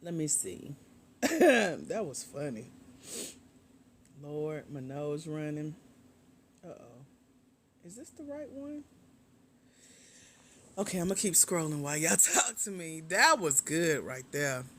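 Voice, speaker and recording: A woman's voice: low-pitched, sing-song, takes it slowly, pauses often, slight background noise. A woman grant coach chatting on a livestream from her bed, reading viewer comments aloud and laughing often, a bit sleepy. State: sleepy, fighting a nap. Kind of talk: casual livestream chat. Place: home, in bed. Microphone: tablet.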